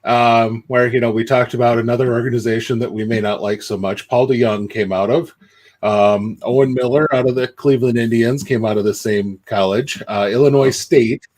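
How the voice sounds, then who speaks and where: A man on a casual sports podcast, relaxed and rambling as he analyzes players. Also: mid-range voice, normal speed. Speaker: podcast co-host. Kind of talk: casual chat.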